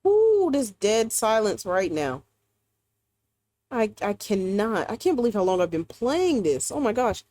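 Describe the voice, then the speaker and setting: A woman's voice: medium pitch, sing-song, unhurried, dark tone, dry recording. A woman hosting a let's play, reacting emotionally and exclaiming as she comments on the story. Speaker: gameplay video host.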